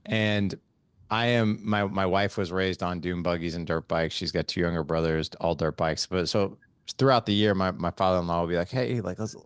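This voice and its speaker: A man's voice: low voice, fairly even intonation, moderate pace, smooth, no room sound. A man hosting a podcast interview, telling a story with lots of laughter and quoted dialogue. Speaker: podcast host. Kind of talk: casual interview conversation.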